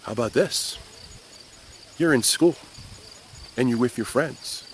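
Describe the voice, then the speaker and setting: A man's voice: medium pitch, takes it slowly, slight background noise. A man teaching a playful children's Bible lesson outdoors, telling the story to kids with faint crickets behind him. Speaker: Sunday school teacher.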